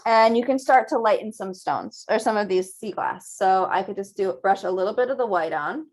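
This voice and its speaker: A woman teaching a virtual painting class, guiding students gently step by step at a close mic. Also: mid-range voice, moderate pace. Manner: gentle, encouraging step-by-step guidance. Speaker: painting instructor.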